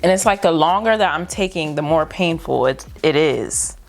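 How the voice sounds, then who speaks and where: A young beauty vlogger talks through her steps at home in a low, expressive voice at a moderate pace, with soft music behind her. She sounds nervous and exclaims a lot, often saying "y'all" in this casual vlog narration.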